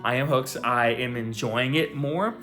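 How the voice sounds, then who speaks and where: A man's voice: mid-range voice, a little slow, fairly bright tone, soft background music. A young man reviewing and recapping an anime in a loose, chatty, profane style, full of fillers and asides.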